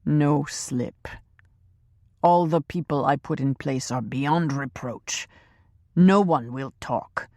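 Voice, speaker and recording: A man's voice: fairly high pitch, slow, darkish tone, dry recording, studio quality. A woman reading a ruthless male hired killer in an audiobook, curt and menacing.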